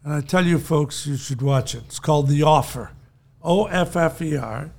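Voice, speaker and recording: A man's voice: a little high, normal speed, creaky, a little mellow. An older man, a podcast co-host, telling long rambling anecdotes in casual chat and chuckling often.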